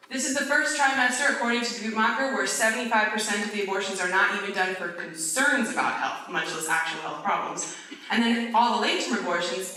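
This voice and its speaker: This is a woman of about thirty giving a lively, conversational lecture, her voice bright and forceful. She keeps checking in with the room as she builds each point. The sound is very roomy and comes from some distance off the mic, as in a big lecture hall. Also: mid-range voice, a little hiss or hum. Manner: conversational, checks in with "okay?" and "right?" tags. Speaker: conference speaker. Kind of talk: lecture-style presentation. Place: large university lecture hall.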